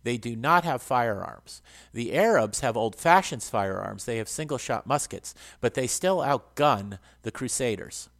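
A man's voice: medium pitch, animated, unhurried, gravelly, a bit bright. A man hosting a casual book talk, explaining in an earnest way and reading passages aloud. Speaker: host.

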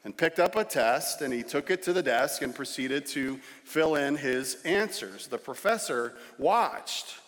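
A man preaching a sermon as pastor, telling a story and then reading scripture, with shifting pace and loudness for emphasis. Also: fairly high pitch, expressive, measured pace, hardly any pauses. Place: church sanctuary. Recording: long reverb in a church hall.

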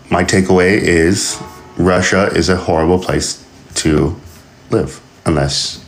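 A man hosting a casual podcast, reading news aloud and riffing on it in a rambling, joking way with frequent laughs. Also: low-pitched. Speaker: podcast host. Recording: roomy echo.

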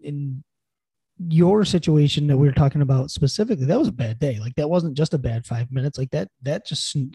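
A man's voice: on the high side, gravelly, warm tone, husky, dry recording. A man co-hosting a podcast, chatting casually and earnestly with lots of "you know" fillers, encouraging listeners. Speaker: podcast co-host. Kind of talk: casual chat.

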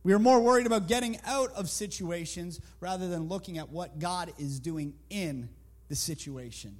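A male preacher with a very high voice, delivering a sermon. He tells stories, repeats his points for emphasis and leans into an emphatic, animated delivery. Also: moderate pace. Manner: emphatic, storytelling, repetitive.

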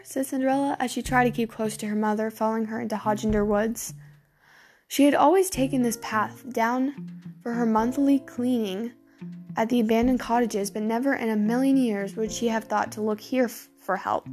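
A woman's voice: a little high, fairly even intonation, a little mellow, soft background music. Woman reading a spooky fairy tale. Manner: slowing for suspense, small slips. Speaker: storyteller.

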